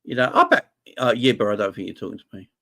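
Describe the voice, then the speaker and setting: Fast-talking and sharp-toned, this man has a fairly low voice with wildly swooping pitch and vocal fry. He's an adult with a wife and kids who hosts a live football fan chat, emotional and fervent, often going over the same points.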